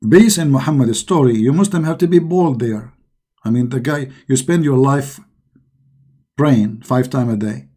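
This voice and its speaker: A man's voice: mid-range voice, moderate pace, warm tone, slightly rough. A middle-aged man and online commentator giving a sarcastic, scoffing monologue in loosely built, non-native English. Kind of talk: mocking religious-critique monologue.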